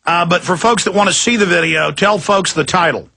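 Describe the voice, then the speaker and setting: A man's voice: sits high, fairly quick, gravelly, bright, forceful tone. A man hosting a talk radio show, speaking in a heated, emphatic monologue and repeating words as he gets worked up.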